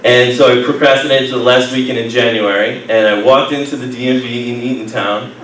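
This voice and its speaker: A man telling a personal story to a live group, animated and laughing, acting out other people's lines. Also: mid-range voice, fairly quick. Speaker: speaker at a humanist group meeting. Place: meeting room. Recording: echoey room, mic far off, noisy.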